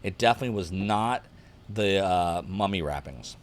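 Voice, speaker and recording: Jokey low-voiced man streaming a game. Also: expressive, normal speed. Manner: jokey, reads chat, puts on voices. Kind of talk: casual game commentary.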